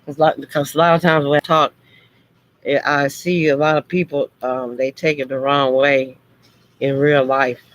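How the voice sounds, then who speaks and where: A woman's voice: extremely low pitch, little pitch movement, moderate pace, rough recording. A woman chatting casually on a livestream to her viewers. Her delivery comes across harsh and blunt. She still means it kindly. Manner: talks harshly and bluntly, as she says, but means no harm. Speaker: livestream host.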